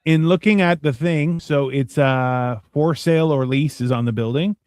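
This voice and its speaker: A man's voice: fairly high pitch, moderate pace, darkish tone, no echo. A man co-hosting a live movie watch-along, chatting casually, joking and swearing as he comments on the scenes. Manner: joking, swearing, acts out characters.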